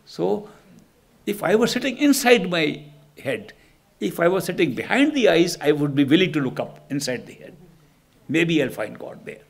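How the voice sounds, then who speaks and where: A spiritual teacher gives a reflective discourse, telling stories and posing rhetorical questions. His fairly high voice swings widely in pitch and carries some vocal fry. He keeps a moderate pace.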